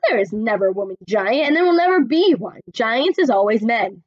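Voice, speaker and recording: A woman's voice: a little high, sing-song, fairly quick, no room sound, highs cut off. Woman reading as a kindly old giant, muddled speech. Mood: earnest. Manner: mangled grammar and made-up words.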